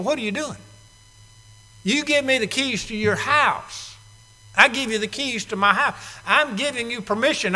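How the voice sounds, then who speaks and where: A man preaching a sermon, emphatic, swinging between quiet asides and loud declarations. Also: sits high. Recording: long reverb of a large hall.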